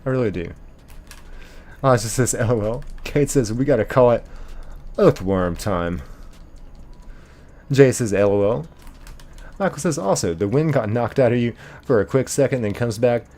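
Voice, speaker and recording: A man hosting a casual live stream, reading viewer comments aloud in an animated way, laughing easily and thanking viewers by name. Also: medium pitch, normal speed, long pauses. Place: apartment bedroom.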